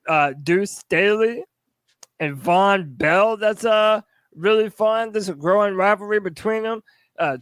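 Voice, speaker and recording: A man co-hosts a casual sports podcast with hyped energy. His high, smooth voice comes through dry and close. He rattles off shout-outs with relish. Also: dry recording. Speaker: podcast co-host.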